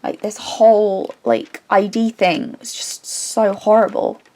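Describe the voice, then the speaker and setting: A woman, a craft vlogger chatting casually and retelling a story in a rambling, animated way with many restarts. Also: mid-range voice, slow pace.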